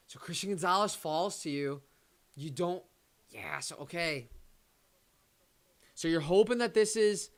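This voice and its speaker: A man hosting a casual live-stream watch party, reading viewer comments aloud and reacting. He is excitable and swings between loud bursts and low muttering. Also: clear, resonant tone. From Detroit area. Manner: excitable, talks to chat and his pet, swings from loud to muttering.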